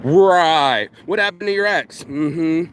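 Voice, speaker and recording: Guy ranting at the camera, kinda high voice, cussing, jumps from loud to low and growly, little bit of background hum. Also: takes it slowly. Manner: animated, profane, swings between loud mocking quotes and low intense asides. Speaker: vlogger. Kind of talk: casual ranting monologue.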